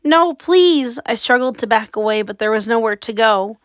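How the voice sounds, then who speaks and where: A woman's voice: mid-range voice, level tone, brisk, fairly bright tone, clear, resonant tone, no room sound. A woman reading a horror story aloud with dramatic, suspenseful narration. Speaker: audiobook reader.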